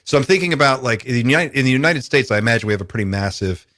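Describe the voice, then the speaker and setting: A man's voice: medium pitch, animated, very fast, fairly bright tone, dry recording, clean studio sound. A man hosting a podcast in casual chat, thinking aloud in a musing, speculative way. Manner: musing, speculative, many fillers. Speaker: podcast host.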